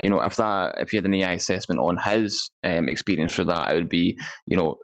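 Man, deep voice, relaxed guest on a podcast, halting delivery full of fillers. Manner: hesitant, lots of fillers, laughs often. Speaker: guest developer. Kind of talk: casual podcast chat.

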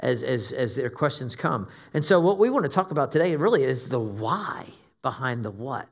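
A man's voice: mid-range voice, lively intonation, normal speed, creaky. A middle-aged man preaching a sermon as a guest pastor, conversational and joking at his own expense. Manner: joking, self-deprecating, conversational.

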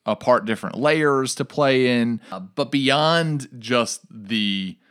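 A man in casual podcast chat, recounting a story with animated, quoted voices. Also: medium pitch, slow pace, clear, resonant tone. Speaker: game master and ministry worker.

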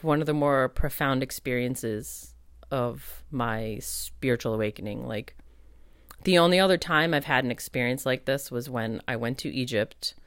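A woman's voice: extremely low pitch, no room sound, studio quality. A woman who works as a spiritual medium, hosting a casual solo podcast and speaking candidly with lots of fillers, laughs and the odd swear. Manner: chatty and candid, heavy on "like", laughs and swears freely.

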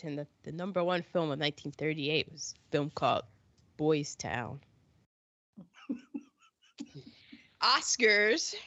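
A woman hosting a casual podcast chat on history, talking in an animated way and acting out countries in silly voices. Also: on the high side, no echo. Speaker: podcast host. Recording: dull lo-fi sound.

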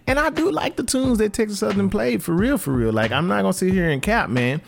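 A man's voice: high voice, a little fast, creaky, a little hiss or hum. A man hosting a podcast, giving casual, slangy reaction commentary on marching band battles and talking straight to his listeners. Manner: slangy, animated, addresses listeners directly.

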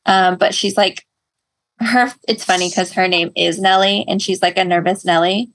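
A woman's voice: medium pitch, steady tone, moderate pace, a bit bright. A woman co-hosting a podcast, chatting casually, telling stories and laughing often. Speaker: podcast co-host. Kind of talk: casual chat.

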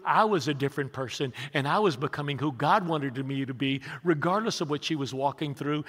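A man's voice: a little high, fairly bright tone. A man in his sixties, a pastor preaching an emphatic sermon and rallying his congregation with questions. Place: large church sanctuary. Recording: long reverb of a large hall.

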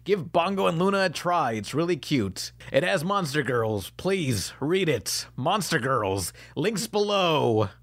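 A man co-hosting a casual comedy podcast, goofing around and slipping into silly high voices. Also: sing-song, a little slow, a bit bright. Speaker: podcast co-host.

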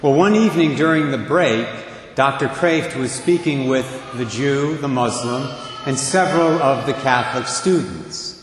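A man's voice: medium pitch, a little slow. A middle-aged man, a priest, giving a sermon in a church in an earnest, storytelling manner. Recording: echoey church with long reverb.

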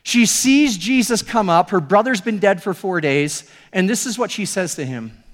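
A male pastor giving a sermon, telling the story with animated acted-out dialogue. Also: high-pitched, normal speed, in a large hall.

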